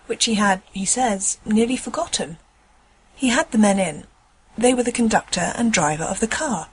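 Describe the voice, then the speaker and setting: A woman narrating a classic ghost story aloud in a steady storytelling manner. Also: medium pitch, husky, poor audio.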